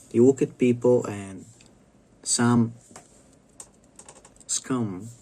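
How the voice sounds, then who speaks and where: A man's voice: medium pitch, darkish tone. A man ranting to camera in a rambling, stop-start way, swearing constantly. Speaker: vlogger. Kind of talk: profane ranting monologue to camera.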